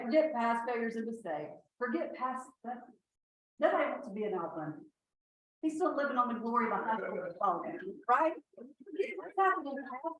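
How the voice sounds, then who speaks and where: Lady in her 60s, folksy storytelling talk, big echoey hall, mic a bit far. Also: on the high side. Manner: folksy, lively storyteller, laughs often. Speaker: retreat speaker. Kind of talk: inspirational talk to an audience.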